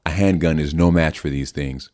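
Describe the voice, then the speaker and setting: A male narrator plays a blunt male newspaper editor pressing his point with urgency. The voice is low and mellow, close to the narrator's own. It is an audiobook reading. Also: moderate pace. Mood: urgent.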